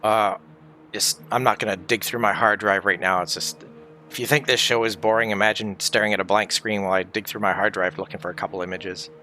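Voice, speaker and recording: A man's voice: lowish voice, fairly even intonation, fairly quick, sharp tone, slight background noise. A man streaming from home, grieving, talking candidly in a rambling, sweary way. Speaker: livestreamer. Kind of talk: casual livestream chat.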